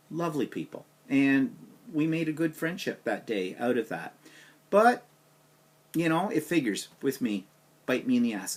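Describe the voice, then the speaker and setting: A man vlogging to camera, telling a personal story in a casual, animated way and acting out the dialogue. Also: mid-range voice. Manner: animated anecdote with quoted dialogue.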